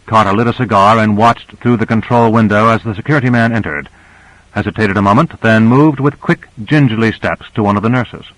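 A man narrating an audiobook in a steady, measured reading. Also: on the low side, dry recording, poor audio.

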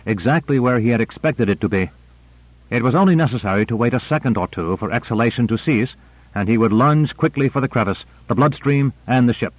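A man's voice: mid-range voice, no room sound. Man narrating over thin, dry tape. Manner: measured, even reading. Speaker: audiobook narrator. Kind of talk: scripted narration. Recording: narrow-band dry tape recording.

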